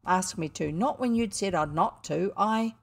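A woman's voice: medium pitch, lively intonation, a little slow, lightly acted. William, an indignant schoolboy, as a woman reads him. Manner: indignant, argumentative, ungrammatical. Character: indignant, defiant eleven-year-old boy. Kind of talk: storybook reading.

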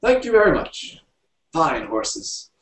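A reckless, gleeful reveller shouts commands in a raised voice well above the reader's own, as a man puts him on. The sound is distant and echoey. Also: fairly high pitch, wildly swooping pitch, slow pace, pitched above the performer's own voice, full character voice. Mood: pleased. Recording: roomy, distant mic.

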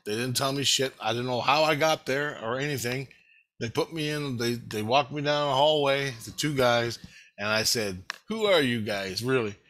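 A man casually telling a rambling, excitable story, swearing freely. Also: mid-range voice, normal speed, rough recording.

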